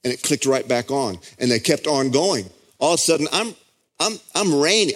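A middle-aged pastor, preaching a sermon as a story that keeps building in intensity. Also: male voice, animated, moderate pace, fairly bright tone. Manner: impassioned storytelling, pitch climbing as he builds.

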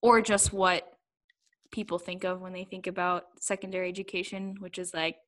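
A woman's voice: lowish voice, flat delivery, normal speed, fairly bright tone. A young adult woman talking candidly in a casual interview, laughing often and rambling a little as she thinks aloud. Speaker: guest. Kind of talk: casual conversation.

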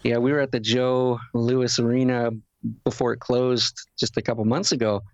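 A man with a Canadian accent chats easily on a podcast and pauses with fillers. His voice sits at a middling pitch. The recording is close and dry. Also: level tone, darkish tone, no room sound, highs cut off. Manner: easygoing, halting with fillers. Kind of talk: casual podcast chat.

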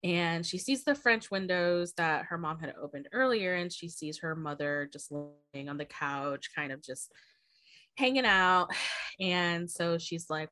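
A woman's voice: fairly low pitch, expressive, normal speed, a bit bright, dry recording. A woman co-hosting a book podcast, casually retelling the plot and swearing often. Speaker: podcast co-host. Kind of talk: casual book-club chat.

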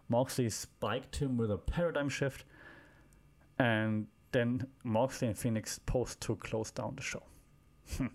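A man's voice: mid-range voice, a little mellow. Rambling man recapping wrestling casually. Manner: rambling, with frequent fillers and wry asides. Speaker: podcast host.

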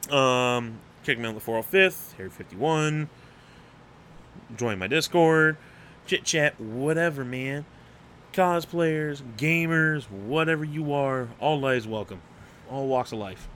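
A man's voice: mid-range voice, pushed and bright, a little hiss or hum. A young man hosting an unscripted solo podcast, rambling and getting hyped, swearing freely and stumbling over restarts. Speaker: podcast host.

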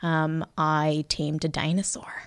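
A woman's voice: low-pitched, monotone, slow pace, smooth, dry recording, clean studio sound. A woman chatting casually about a video game, hesitant, with many fillers. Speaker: co-host. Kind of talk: casual gaming chat.

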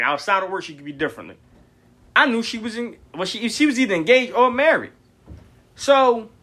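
A young man hosting a podcast, telling stories in a blunt, profane, animated way. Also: a little high. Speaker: podcast host. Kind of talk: casual storytelling monologue.

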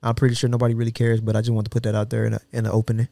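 A man's voice: mid-range voice, monotone, racing, vocal fry, mellow, no echo. Guy cohosting a podcast, jokey and slangy, laughs a lot, dry close mic. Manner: joking, laughs often, slangy. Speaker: podcast co-host. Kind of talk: casual chat. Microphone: studio podcast mic.

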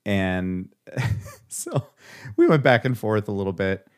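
A man with a fairly low voice tells a story in relaxed conversation. He acts out the people he quotes and laughs often along the way. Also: slow. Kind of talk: casual storytelling chat.

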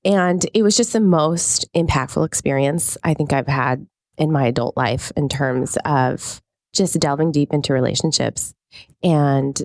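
A woman's voice: low voice, a little slow, a little mellow, dry recording, studio quality. A woman in her thirties co-hosting a podcast in casual, enthusiastic chat, laughing often. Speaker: podcast co-host.

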